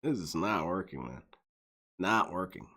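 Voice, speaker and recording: A man streaming a video game, chatting, laughing a lot and rambling excitably. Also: deep voice, unhurried. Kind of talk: let's play commentary.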